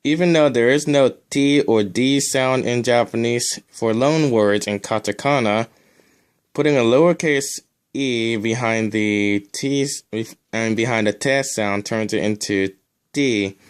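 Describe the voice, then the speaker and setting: A man's voice: mid-range voice, measured pace, smooth. A man teaching a recorded language lesson, drilling sounds one at a time and adding casual asides.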